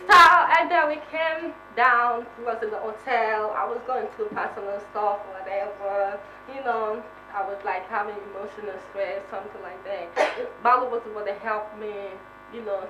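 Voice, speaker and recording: A woman contestant giving a self-introduction speech, in a flat, low-key voice with sudden high squeals. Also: dull audio. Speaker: reality show contestant. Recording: echoey room from far off, noisy.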